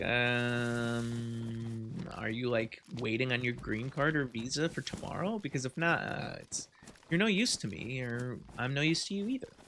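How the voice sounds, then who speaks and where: A man's voice: medium pitch, bright, forceful tone, a little hiss or hum. A man hosting a podcast while gaming, chatting casually and rambling, with a lot of swearing and laughter. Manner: rambling, profane, laughing often. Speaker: podcast host.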